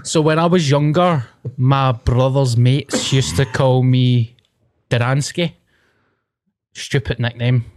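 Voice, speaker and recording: A man's voice: medium pitch, steady tone, slow, darkish tone. A young Scottish man co-hosting a podcast, telling stories in casual chat with plenty of swearing. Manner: storytelling, sweary, laughing. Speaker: podcast co-host.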